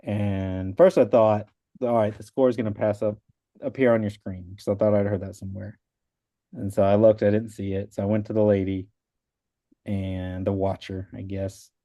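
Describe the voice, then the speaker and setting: Low, mellow-voiced man telling a story. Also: little pitch movement, normal speed, no room sound. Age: adult with a wife and young kids. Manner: rambling, full of "like", acts out quoted voices. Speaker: exam passer sharing his story as a guest. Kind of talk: casual storytelling.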